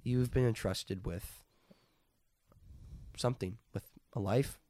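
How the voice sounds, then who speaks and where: A man's voice: on the low side, takes it slowly, dark tone, no echo, clean studio sound. Earnest man in casual Bible talk. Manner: conversational, earnest, with restarts. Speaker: Bible teacher. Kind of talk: casual Bible reading and discussion. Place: lives in North Dakota.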